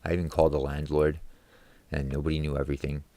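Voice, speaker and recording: Cursing male vlogger with a very low, bass voice, ranting from his room, dry sound. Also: level tone, fast talker, dark tone, dry recording. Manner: profane, angry ranting. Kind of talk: casual ranting monologue.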